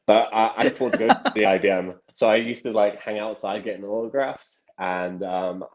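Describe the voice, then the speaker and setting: A young man, a magician telling stories from his life as a podcast guest, with animated delivery and frequent restarts. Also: fairly low pitch, brisk. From England. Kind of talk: casual podcast storytelling. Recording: dull lo-fi sound.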